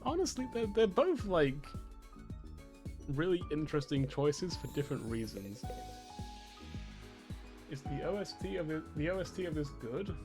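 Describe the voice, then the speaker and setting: A man casually commenting on and reading lines from a visual novel demo, excitable, swearing and often stumbling over his words. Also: on the high side, moderate pace, pauses often. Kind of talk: casual let's-play commentary reading dialogue aloud. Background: game music.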